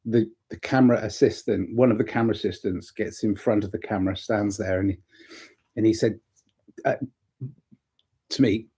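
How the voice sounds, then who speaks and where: Mellow-voiced man musing to camera. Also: on the low side, steady tone, normal speed, long pauses, husky. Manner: rambling and reflective, retells stories and gives gentle advice. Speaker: vlogger. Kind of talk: casual talking-to-camera monologue.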